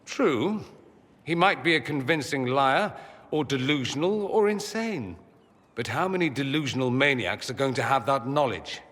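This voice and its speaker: A man's voice: mid-range voice, a bit bright, in a large hall. An actor playing a witty, sardonic male mage in a video game, teasing and dramatic in tone. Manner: quick-witted, teasing, dramatic swings in tone.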